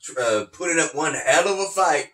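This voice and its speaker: A podcast host with a slightly high voice talks at a normal speed in an echoey room, giving a casual wrestling review. Frequent laughter punctuates his animated retellings, where he acts out the quotes.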